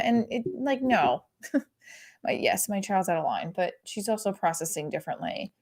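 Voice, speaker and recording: A woman in her forties doing casual stand-up as a comic, rambling and cutting herself off, with loud bursts when she acts out her family. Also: on the high side, lively intonation, normal speed. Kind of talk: casual stand-up trying new material.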